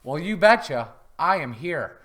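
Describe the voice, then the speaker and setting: A man putting on a voice for a pretend twin brother, loud, hammy and overly cheerful. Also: a little high, big pitch swings, measured pace. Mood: goofy cheerful. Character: goofy fake twin brother, upbeat adult man.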